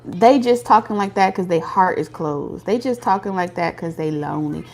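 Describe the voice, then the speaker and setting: A woman's voice: fairly low pitch, animated, moderate pace, a little mellow. A woman doing a casual tarot reading for viewers, talking bluntly with slang and profanity. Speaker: tarot reader.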